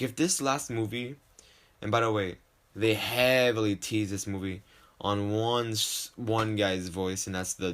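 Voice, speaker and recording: A young man with a slight lisp and a lowish voice talks alone into a desk mic. He rambles from topic to topic, swears freely and keeps cutting himself down in a casual solo podcast. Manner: rambling, profane, self-deprecating. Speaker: podcast host. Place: home desk.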